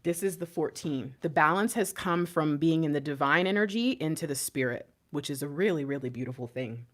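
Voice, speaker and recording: A woman giving an emotional tarot reading to her viewers, swinging between hushed whispers and loud impassioned pleading, shaking and near tears. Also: deep voice, a little fast. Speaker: intuitive tarot reader.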